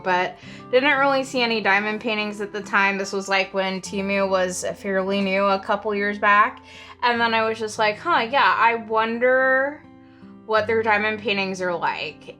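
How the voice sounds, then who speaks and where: Woman, crafting vlog host, bright crisp voice, unhurried, giggly rambling chat, faint guitar music behind. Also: medium pitch. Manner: giggly, filler-heavy, rambling. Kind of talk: casual show-and-tell chat.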